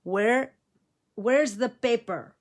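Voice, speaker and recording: A woman's voice: fairly high pitch, very slow, pitched above the performer's own voice. A woman voicing an irritable old grandfather with a heavy Mexican Spanish accent, insistently repeating himself in exasperation. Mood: exasperated.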